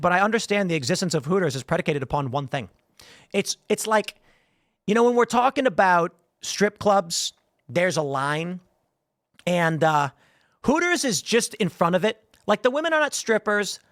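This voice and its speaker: A man's voice: high-pitched, a bit bright, no room sound, studio quality. A man hosting his own show, giving rambling, emphatic opinion commentary and speaking straight to his listeners. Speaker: show host.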